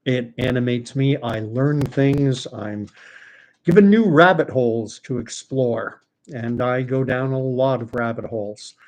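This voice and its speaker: Canadian male channel host, mid-pitched, chatty and digressive, casual live-stream delivery. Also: measured pace, darkish tone. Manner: rambling, chatty, many fillers and asides. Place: home, talking to his dog.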